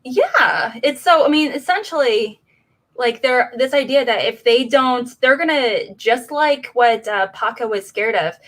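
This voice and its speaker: Hesitant woman co-host, halting speech. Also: on the high side, animated, a bit bright. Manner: hesitant, many fillers like "you know" and "uh". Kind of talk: casual movie discussion.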